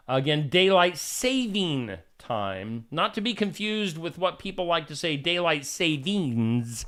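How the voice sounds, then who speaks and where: A man's voice: high voice, sharp tone. A male host reading odd news stories aloud and adding wry asides between them.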